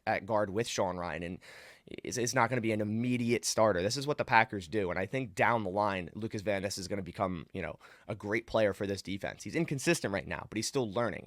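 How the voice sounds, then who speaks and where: A man talking football casually as a guest fan on a podcast, animated and full of restarts. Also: lowish voice, no echo, studio quality. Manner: animated, lots of restarts and fillers. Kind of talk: casual sports podcast chat.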